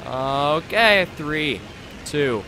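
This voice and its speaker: A man's voice: a little high, animated, extremely slow, sharp tone, slight background noise. A man rambling and joking while commentating a video game playthrough. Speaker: let's play host. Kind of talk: gameplay commentary.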